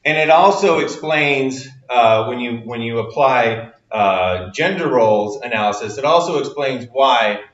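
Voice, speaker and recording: A male psychology lecturer talks through ideas in a loose, filler-heavy way, now and then acting out quoted reactions. His voice sits in a middle pitch. The recording is roomy and dull, like a lecture hall capture. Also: animated, measured pace, hardly any pauses, a bit bright. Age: adult with children. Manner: explanatory, many fillers, acts out quotes.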